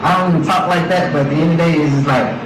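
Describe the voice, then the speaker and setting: A man's voice: fairly high pitch, very fast. A man ranting in an agitated, profane, rambling way about accusations made against him, recorded as a clip. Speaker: person addressing allegations online. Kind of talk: heated rant. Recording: echoey, distant, noisy clip.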